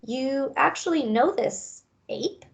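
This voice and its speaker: Sassy young female dog played by a woman, sarcastic and defiant, higher voice, storybook. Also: takes it slowly, creaky, heavily acted.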